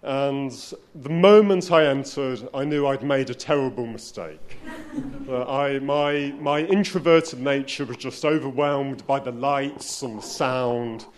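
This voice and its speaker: A man's voice: medium pitch, unhurried. A man telling a personal story at a live spoken-word night, wry and self-deprecating, often restarting his sentences.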